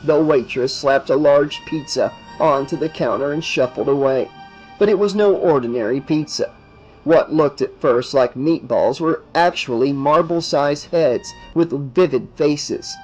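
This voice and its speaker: A man reading a horror audiobook aloud in a slow, expressive, dramatic manner. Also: a little high, soft background music. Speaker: audiobook narrator.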